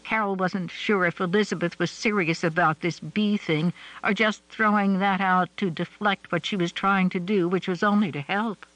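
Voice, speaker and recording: A man reading a novel aloud in a measured, even storytelling manner. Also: sits high, rough recording. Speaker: audiobook narrator. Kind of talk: scripted narration.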